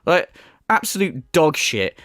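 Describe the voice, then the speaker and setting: Profane mocking man, lively pitch. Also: slow pace, dry recording, studio quality. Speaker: commentary YouTuber. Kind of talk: ranting reaction commentary.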